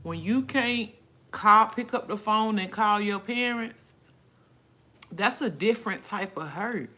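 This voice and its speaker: A woman's voice: mid-range voice, slow pace, sharp tone. A middle-aged woman hosting a casual live stream from her phone, reading viewers' comments aloud and answering them in an emotional, outspoken way.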